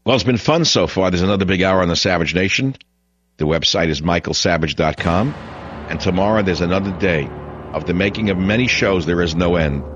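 A man's voice: sits low, a little fast, muffled recording, noisy background. A man hosting a radio talk show, delivering a blunt, opinionated, rambling monologue.

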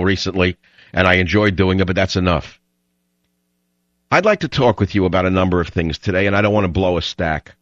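An older man hosting a political talk radio show, ranting combatively and rising to shouts. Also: low-pitched, no echo. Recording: dull lo-fi broadcast sound.

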